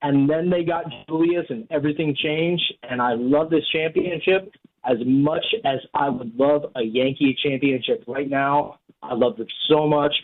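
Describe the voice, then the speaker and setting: A man's voice: on the high side, a little slow. Grateful male caller on a phone line. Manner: heartfelt, grateful. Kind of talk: phone-in call to radio.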